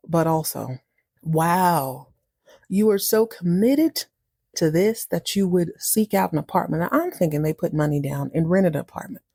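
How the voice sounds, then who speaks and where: A woman host recaps a soap episode in an animated, indignant, conversational way. Her voice is fairly low and mellow. The recording is close and dry. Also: moderate pace, breathy edge, no echo. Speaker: podcast host.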